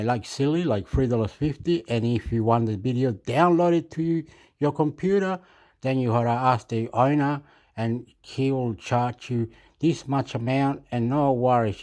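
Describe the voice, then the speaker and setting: A man ranting off the cuff as a video commentator, excitable and profane, repeating himself and often clearing his throat. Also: medium pitch. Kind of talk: rambling off-the-cuff rant.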